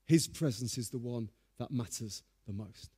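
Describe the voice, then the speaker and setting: A man preaching a sermon, telling stories in a lively, humorous way. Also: mid-range voice, moderate pace, husky.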